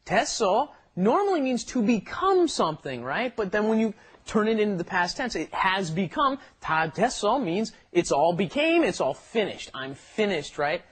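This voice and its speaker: A man's voice: high-pitched, sing-song, normal speed, breathy edge. A man co-hosting a language lesson, explaining phrases in a chatty way and laughing as he goes. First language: English. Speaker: co-host of a Korean lesson podcast.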